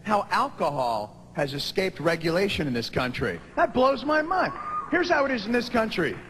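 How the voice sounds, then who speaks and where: A man, doing a stand-up comedy routine and rising to shouted punchlines. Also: sits high, very animated, normal speed, background noise. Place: large theater stage before a live audience. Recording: long hall reverb, audible audience.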